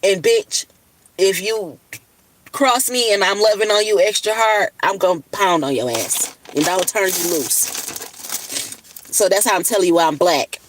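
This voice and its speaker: A woman's voice: medium pitch, measured pace, poor audio. A woman on a casual livestream, talking bluntly and profanely about love and self-care, worn out after a long cry. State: puffy-eyed after crying. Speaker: livestream host. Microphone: phone camera.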